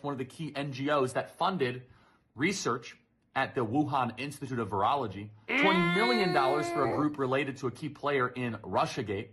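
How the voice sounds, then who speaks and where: A man delivering political commentary, reading out a list in a steady, punchy way. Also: on the high side, husky.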